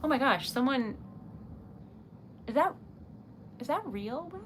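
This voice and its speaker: A woman's voice: high-pitched, expressive, slow pace, noisy background. Giggly woman chatting over typewriter clacks. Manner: giggly, chatty, addresses viewers directly. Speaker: live-stream host. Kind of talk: casual live-stream chat while typing. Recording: loud typewriter clacking behind voice. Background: typewriter keys and bell.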